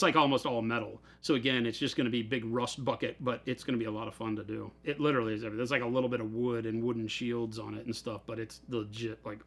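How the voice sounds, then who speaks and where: A man hosting a hobby store livestream, chatting and rambling through stories while he builds models in his office. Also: mid-range voice. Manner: chatty, rambling storyteller who laughs often. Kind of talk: casual live chat while building models.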